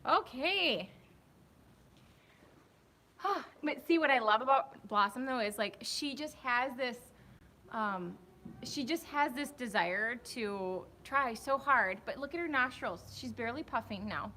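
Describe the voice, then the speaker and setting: A young woman with a fairly high voice talks her viewers through a horse lesson, rambling and chatty as she works. She speaks from a riding arena into a camera set on a tripod. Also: lively intonation, slow, sharp tone, slight background noise. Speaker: horse trainer. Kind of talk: live-stream riding commentary.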